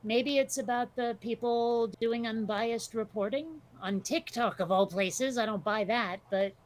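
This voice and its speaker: A woman's voice: a little high, measured pace. A woman co-hosting a casual podcast chat, talking bluntly, swearing freely and telling stories with energy. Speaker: podcast co-host.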